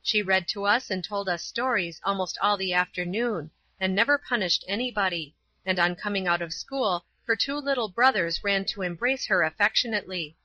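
A woman narrating an audiobook chapter in a measured, clear storytelling manner. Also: mid-range voice, sharp tone, no room sound, muffled recording. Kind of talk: scripted narration.

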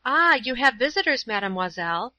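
A woman's voice: fairly high pitch, sing-song, fairly quick, pushed and bright, no echo, pitched above the performer's own voice. A woman voicing a bustling, good-hearted gray-haired older woman, effusive and busy, in a storybook reading. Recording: slightly dull, dry recording.

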